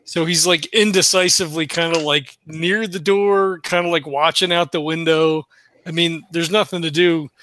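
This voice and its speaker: A man's voice: fairly high pitch, fairly even intonation, moderate pace, fairly bright tone, a little hiss or hum. A man playing a tabletop game, talking in a rambling, hesitant way with lots of fillers. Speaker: player. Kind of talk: casual tabletop play.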